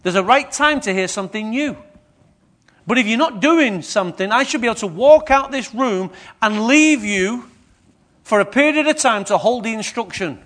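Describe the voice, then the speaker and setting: High-voiced preacher. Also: male voice, normal speed. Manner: lively, questions the congregation. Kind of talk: sermon.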